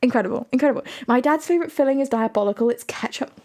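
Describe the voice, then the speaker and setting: A woman's voice: sits high, rapid-fire, mellow. A young woman streaming live, chatting casually with viewers in a giggly, rambling, self-mocking way. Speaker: livestreamer.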